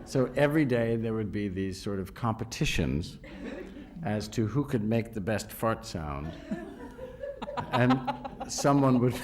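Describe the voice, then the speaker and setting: A man's voice: mid-range voice, background noise. A man being interviewed on stage at a live event, telling self-deprecating anecdotes and laughing through them. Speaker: actor and director guest at a festival talk.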